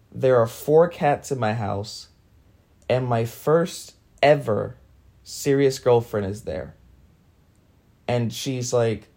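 A man's voice: mid-range voice, dark tone. A man casually retelling a dream, in a loose telling full of "like" fillers. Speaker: storyteller. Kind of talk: casual spoken anecdote.

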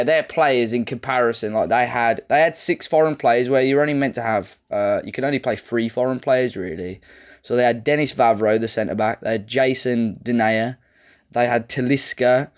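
A man, co-hosting a podcast, telling a long casual story with plenty of fillers and restarts. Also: mid-range voice. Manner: rambling, chatty storytelling with fillers. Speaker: podcast co-host. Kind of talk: casual chat about a football management game save.

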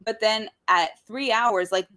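A young woman with a fairly high voice tells a story in lively, profane bursts. She jumps between fast runs and drawn-out words while chatting casually with her partner. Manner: animated storytelling, swearing freely. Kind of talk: casual chat.

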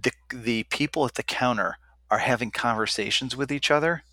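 A man's voice: mid-range voice, moderate pace, pushed and bright. A man co-hosting a casual chat, talking in a rambling, hesitant way with many ums and restarts. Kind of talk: casual conversation.

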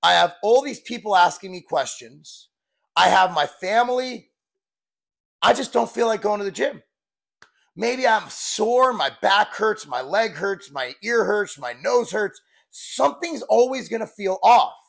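Gravelly forties guy, fitness coach, high-ish voice, blunt and rambly, swears a bit. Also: animated, unhurried, fairly bright tone. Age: 40s. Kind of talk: casual vlog talk.

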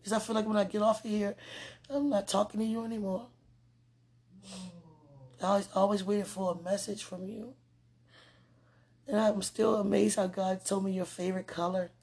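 Husky, gravelly woman speaking tenderly. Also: medium pitch, fairly even intonation, normal speed, long pauses, a little mellow. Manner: affectionate, rambling, laughs often. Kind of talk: casual spoken message to a loved one.

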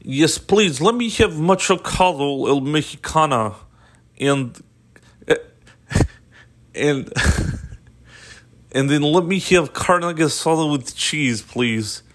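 Dude putting on a goofy fake russian accent, stiff and extra polite, voice pushed up high, halting. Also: male voice, expressive. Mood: mock formal. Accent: mock Russian. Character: man speaking English with a mock Russian accent.

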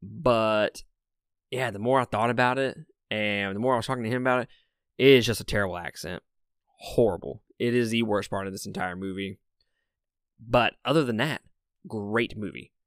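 A man's voice: on the low side, normal speed, no room sound, clean studio sound. A young man from the American South with a Southern accent, casually counting down his favorite movies in an enthusiastic, opinionated way. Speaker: movie reviewer.

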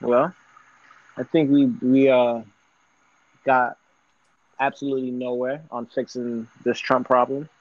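A man's voice: mid-range voice, level tone, slow pace, pauses often, no room sound. A young man co-hosting a podcast in casual chat, filling his talk with "like" and easy slang. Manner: says "like" constantly, laid-back slang. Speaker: podcast co-host. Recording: dry, dull lo-fi sound.

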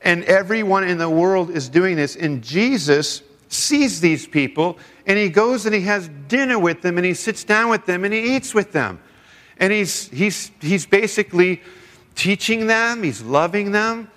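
A man with a high-sitting voice preaches a sermon to a seminar audience at a slightly slow pace. He tells stories animatedly, acting out the voices he quotes, and the recording carries a long hall reverb.

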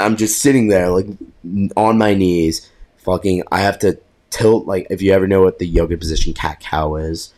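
A young man co-hosting a podcast, telling a story in a casual, animated way, swearing freely and laughing at himself. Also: low-pitched. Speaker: podcast co-host.

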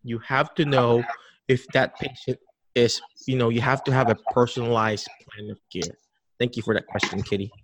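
A man being interviewed as a dementia care educator on a podcast call, animated and full of restarts, acting out how caregivers greet patients. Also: mid-range voice, moderate pace, a little hiss or hum.

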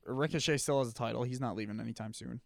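A relaxed man with a gravelly, middle-pitched voice chats casually and quickly, laughing often as he runs through his picks. The sound is close-miked and dry, with no room around it.

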